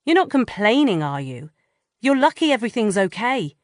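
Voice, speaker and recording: A woman's voice: a little high, sing-song, normal speed, no room sound, clean studio sound, voice pushed up. A woman voicing a blunt, bossy female friend in an audiobook. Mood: scolding. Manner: blunt, lecturing.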